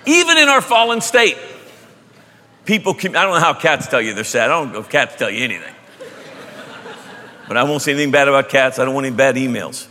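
A man preaching a sermon, emphatic, moving between loud bursts and hushed asides. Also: medium pitch, sing-song, a little fast, long pauses, a little hiss or hum. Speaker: pastor. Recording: long hall reverb.

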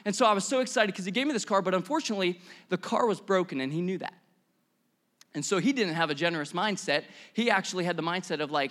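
A man preaching a sermon as pastor, telling stories in an animated, conversational way with bursts of emphasis. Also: high voice, fairly quick.

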